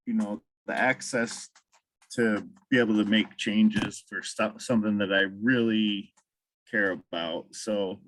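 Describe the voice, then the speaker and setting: Veteran, slow and low, halting speech. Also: male voice, fairly even intonation, a little hiss or hum, low-quality recording. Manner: halting, many fillers. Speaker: veteran, council member. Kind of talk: casual roundtable chat.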